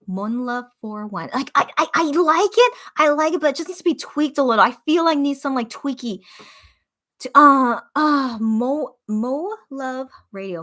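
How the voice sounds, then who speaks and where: A woman hosting a casual live stream, chatting with viewers, thinking out loud and repeating phrases to herself with frequent giggles. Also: fairly high pitch.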